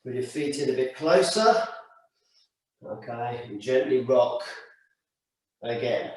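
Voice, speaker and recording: A man leading a stretching class with slow, calm step-by-step cues. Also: medium pitch. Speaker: stretching instructor. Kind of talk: guided exercise class. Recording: echoey room, mic far off.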